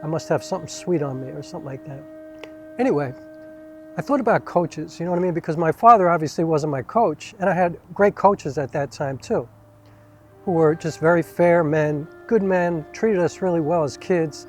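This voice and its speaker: A man with a slightly high voice tells a personal story in a loose, animated way, drifting into side remarks. He is outdoors under trees. Faint music plays behind him. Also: normal speed. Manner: rambling, animated, conversational with asides. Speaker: vlogger.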